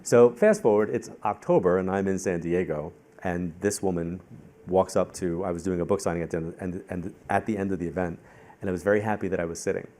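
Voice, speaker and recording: A man from Long Island, a psychic-medium guest telling stories onstage in a live conversation, animated, talking quickly and repeating himself. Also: deep voice, slight background noise. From Long Island, New York. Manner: animated storyteller, acts out quoted voices; talks fast and repeats himself when in the zone.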